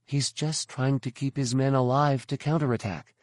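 A man voicing a confident, quick-witted young woman Jedi who speaks in a cool, self-assured way. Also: mid-range voice, steady tone, no room sound, studio quality, voice pushed up, close to an everyday voice.

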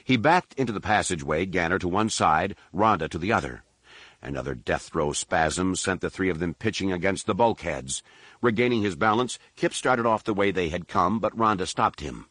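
A man narrating a science fiction audiobook in a steady, measured way. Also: sits low, no room sound. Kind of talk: scripted narration.

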